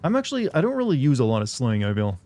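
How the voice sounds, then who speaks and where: This young gamer chats casually with his viewers on stream, rambling and cracking jokes. He speaks rapid-fire at a medium pitch that swoops wildly, and his tone is warm.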